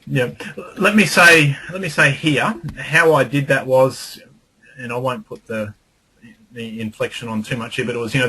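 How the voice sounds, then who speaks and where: A man hosting a copywriting webinar in casual discussion, talking animatedly and breaking into lively demo readings. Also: medium pitch, moderate pace, slightly rough, rough recording.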